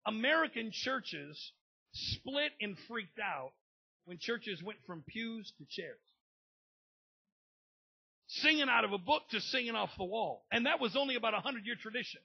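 High gravelly man preaching, goes quiet then yells out, kinda dull muffled recording. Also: animated, measured pace. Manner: swings from low murmurs to shouted outbursts. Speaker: pastor. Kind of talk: sermon.

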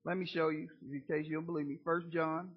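A pastor preaching with a high, husky voice in a folksy, call-and-response manner. He swings from quiet asides to loud, emphatic bursts. The recording sounds dull and muffled. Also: little pitch movement, quick pace. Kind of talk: sermon.

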